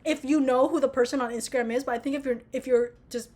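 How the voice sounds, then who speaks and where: Young woman vlogger, high voice, excitable rambling chat full of swearing. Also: quick pace. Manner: gushing, excitable, swears a lot. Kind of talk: casual rant to camera.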